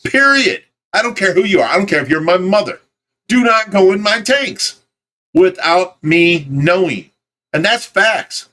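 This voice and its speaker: A man's voice: sits high, expressive, measured pace, fairly bright tone. A man hosting a casual livestream about rescued fish, talking emphatically and repeating his points to the chat. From United States. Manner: emphatic, insistent, repeats himself.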